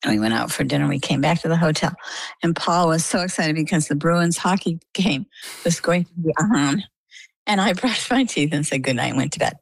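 A middle-aged woman from Maine, a guest in an interview, telling her story in a lively, conversational way and acting out the quoted dialogue. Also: low-pitched, brisk, creaky, breathy edge, no echo, low-quality recording. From Maine, USA.

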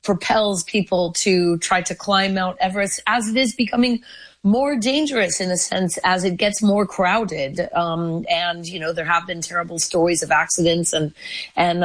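A woman guest on a radio panel muses thoughtfully, pausing on fillers as she finds her words. Her voice sits on the low side. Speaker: studio guest.

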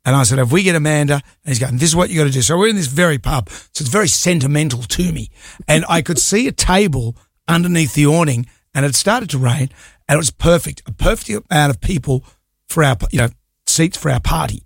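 A middle-aged Australian man co-hosting a radio show, spinning a rambling anecdote in casual banter. His voice is gravelly and a little husky, pitched slightly high for a man. The sound is close and dry. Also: animated, a little fast, no room sound. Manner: rambling anecdotal storytelling with laughs. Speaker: radio co-host.

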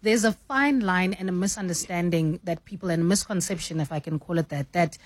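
Woman, news anchor type, lowish voice, dry studio sound, explains calmly, lots of "you know". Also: no room sound. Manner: measured, explanatory, says "you know" often. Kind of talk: radio studio conversation.

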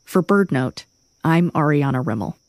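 A woman narrating a short scripted radio piece in a measured, even way. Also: sits low, no room sound, clean studio sound.

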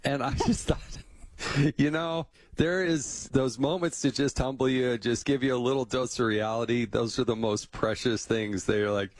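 A man's voice: medium pitch, a little slow, no echo. A man hosting a podcast, chatting casually with his guest and telling anecdotes, laughing easily. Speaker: podcast host. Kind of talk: casual interview chat.

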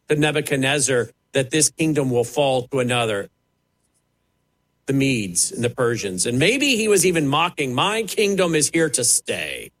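A man's voice: a little high, fairly bright tone. A man preaching a sermon as a television preacher, emphatic and dramatic, swinging sharply up and down as he drives his points.

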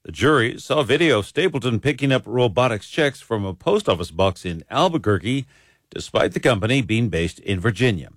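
Man, radio news anchor, steady measured reading, dry studio mic. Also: medium pitch, dry recording. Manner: steady, measured newsreader delivery. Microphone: studio microphone.

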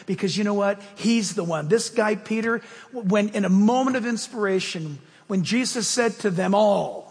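A man preaching a sermon as pastor, telling stories with lively swings between loud emphasis and soft asides. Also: sits high, normal speed, in a large hall.

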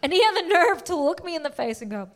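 A young woman delivers a stand-up comedy set on a club stage. Her voice sits high and she tells her story with animated energy, jumping into the voices of the people she quotes. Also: quick pace.

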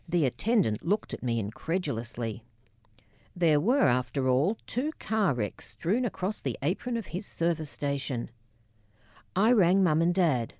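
A woman narrating her memoir in a measured, deliberate, wry way. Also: low-pitched, big pitch swings, darkish tone, no room sound, clean studio sound.

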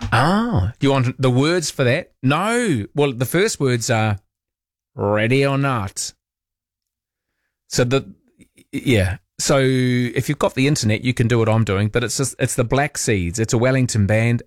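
A man's voice: mid-range voice, no room sound. Nz guy on overnight talk radio, laid back and jokey, dead dry studio sound. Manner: relaxed, chatty, self-deprecating. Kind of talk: late-night radio, reading listener texts. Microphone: studio microphone.

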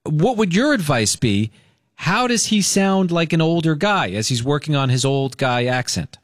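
Upbeat male morning-radio host, animated and slightly higher-pitched, in a dry studio. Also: normal speed, dry recording. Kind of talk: radio show banter.

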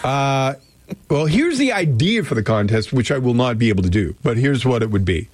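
A man's voice: medium pitch, very animated, moderate pace, no room sound. Rambling male radio host. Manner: rambling, self-interrupting, joking. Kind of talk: casual morning radio chat. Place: radio studio. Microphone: studio microphone.

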